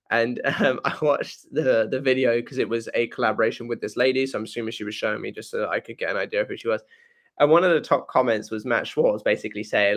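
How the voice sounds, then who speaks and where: Chatty man hosting a live Q&A. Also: medium pitch. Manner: rambling, self-correcting, laughs often. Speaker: host answering live questions. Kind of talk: casual live-stream chat.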